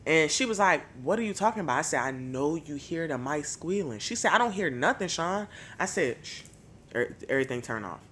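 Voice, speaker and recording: A woman hosts a casual podcast and tells stories with plenty of swearing and animation. Her voice is bright, and her pitch swings widely as she talks. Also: fairly quick, few pauses, slight background noise. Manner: animated, profane storytelling. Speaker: podcast host.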